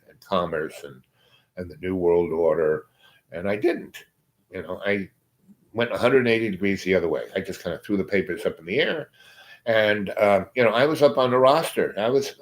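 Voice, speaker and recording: Rambling low-voiced man telling a story. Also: poor audio. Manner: digressive, trails off and restarts often.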